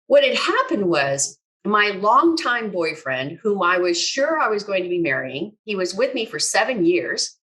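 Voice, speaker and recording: A woman recounting a personal memory with expressive, self-mocking delivery. Her pitch sits in the middle for a woman but swings widely as she tells it. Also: moderate pace, few pauses. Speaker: storyteller. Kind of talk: personal storytelling to camera.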